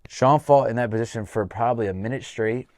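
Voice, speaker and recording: A man hosting a casual podcast, telling fight stories with animated, profane retellings of corner talk. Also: medium pitch, a little fast, no echo, studio quality. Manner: animated storyteller, swears freely, acts out corner talk. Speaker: podcast host and MMA coach.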